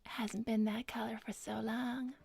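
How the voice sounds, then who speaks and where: A woman voicing a dreamy, mystical female hedgehog in whispered role-play, breathy and flirty. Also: fairly high pitch, flat delivery, moderate pace, darkish tone, faint music behind.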